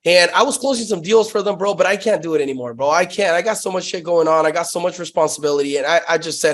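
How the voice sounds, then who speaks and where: A man's voice: on the high side, quick pace, few pauses. A young man telling sales stories in a casual interview, profane and hyped, saying "bro" constantly. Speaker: guest, sales company founder.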